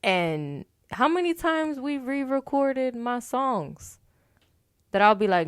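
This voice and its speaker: A woman's voice: high-pitched, big pitch swings, smooth, dry recording, studio quality. A woman co-hosting a casual podcast chat, talking frankly and at length. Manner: frank, talkative, fast trailing asides. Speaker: podcast co-host.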